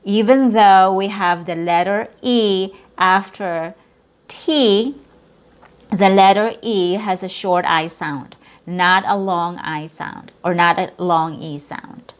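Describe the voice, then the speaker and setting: Slow, careful woman teaching pronunciation. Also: mid-range voice. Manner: repeats words slowly, drawing out the vowels.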